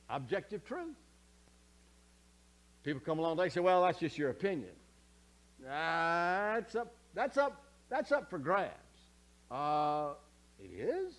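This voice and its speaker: A man preaching a sermon as pastor, conversational, often checking in with the congregation, swinging from soft asides to loud emphatic scripture quotes. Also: sits high, a little slow. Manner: animated, conversational preaching with frequent check-ins.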